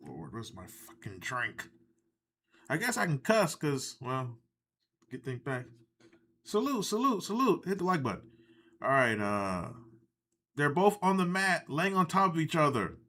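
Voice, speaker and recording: A man hosting a live stream, reacting in a loose, rambling way, sarcastic and quick to swear. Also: mid-range voice, big pitch swings, bright, forceful tone. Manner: ranting, sarcastic, swears often, rambling asides. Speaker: livestream host reacting to wrestling. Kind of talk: casual live reaction commentary.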